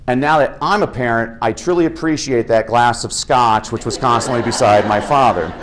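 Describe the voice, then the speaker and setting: A middle-aged American man giving an energetic, humorous keynote talk as an education speaker. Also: medium pitch, normal speed, noisy background. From United States. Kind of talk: keynote speech.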